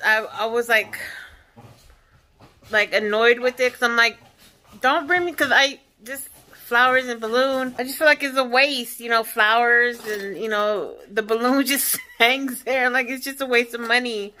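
A woman's voice: on the high side, bright, forceful tone. A woman vlogger chatting casually to viewers while cooking in her home kitchen. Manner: chatty, talks straight to viewers.

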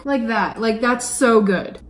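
A woman's voice: fairly high pitch, slow, heavy background noise. A young woman chatting casually while she paints, giggling, swearing and breaking into dramatic outbursts. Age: young adult. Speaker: vlogger. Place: apartment room.

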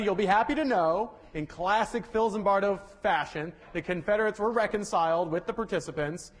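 A young man from the Southern United States giving a casual university lecture, chatty and correcting himself with joking asides. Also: a little high. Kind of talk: classroom lecture. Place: lecture hall.

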